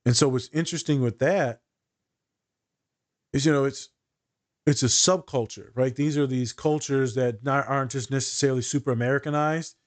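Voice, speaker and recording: Animated man, therapist chatting casually. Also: medium pitch, moderate pace. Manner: animated, storytelling, sarcastic asides. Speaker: therapist co-host. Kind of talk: casual podcast chat.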